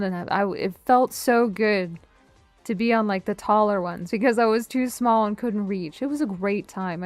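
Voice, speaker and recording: A woman's voice: medium pitch, dry recording. A woman streamer chatting casually through a tier list, rambling, cutting herself off mid-word and joking as she reminisces. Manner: rambling, self-interrupting, nostalgic and jokey.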